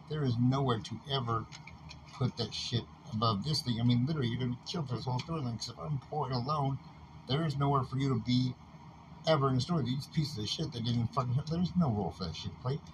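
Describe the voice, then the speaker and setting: A man at an ordinary middle pitch, ranting on his own in a loose, rambling way. He swears constantly and sounds agitated throughout, over a clearly noisy ambient background. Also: fast talker. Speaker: podcaster. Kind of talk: rambling solo rant.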